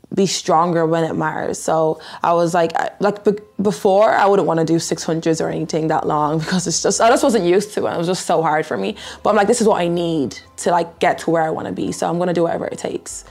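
Young Dublin-accented woman, twenties, low slightly gravelly voice, chatty interviewee. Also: fairly even intonation, a little fast, darkish tone. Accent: Irish, Dublin. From Ireland. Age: 20s. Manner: chatty, lots of "like" fillers. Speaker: athlete interviewee. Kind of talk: casual interview talk.

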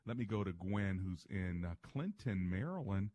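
A man's voice: deep voice, expressive, moderate pace, warm tone. A man hosting a call-in radio talk show as a pastor, upbeat and playful, asking listeners many questions.

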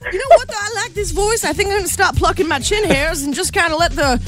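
A hokey, hearty cowboy, put on by a woman on morning radio. The voice sits high and drawls cowboy slang while groping for words. Faint music runs behind. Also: fairly quick, natural voice. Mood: pleased.

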